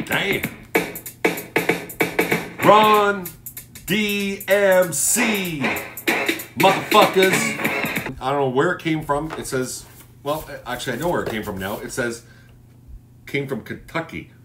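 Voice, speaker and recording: A man's voice: fairly high pitch, slow pace, long pauses, over loud music. A man hosting a livestream roast, brash and mocking, cursing constantly. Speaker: livestream host. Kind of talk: profane roast livestream chat.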